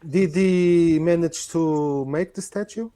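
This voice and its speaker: A man in a tabletop role-play session, asking questions in character and rephrasing as he goes. His voice is mellow and a bit high. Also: takes it slowly, smooth. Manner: inquisitive, restarts questions. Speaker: player.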